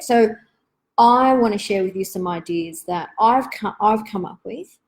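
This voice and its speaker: A woman, hosting a live online Q&A for parents in a gentle, reflective, chatty way with many asides. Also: mid-range voice, unhurried, rough recording.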